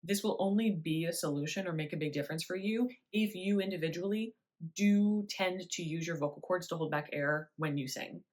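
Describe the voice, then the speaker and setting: A young adult woman voice teacher explaining breathing in a relaxed, chatty way with little laughs. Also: on the low side, fairly quick. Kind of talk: spoken singing lesson.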